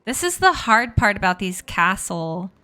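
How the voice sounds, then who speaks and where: A woman streamer with a bright, sharp voice that swings widely up and down as she giggles and chats with her viewers. She talks at an unhurried pace over faint background music. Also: mid-range voice, sing-song. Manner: giggly, chatty, greets and thanks viewers. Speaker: live streamer. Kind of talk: casual live game stream chat.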